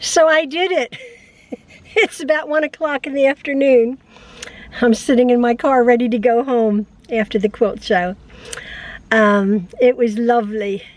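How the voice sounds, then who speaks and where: A woman's voice: a little high, fairly even intonation, a little slow. An older woman vlogging casually to camera about quilting, chatty and emotional, with frequent laughs, tired after an illness. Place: at home, later in her parked car.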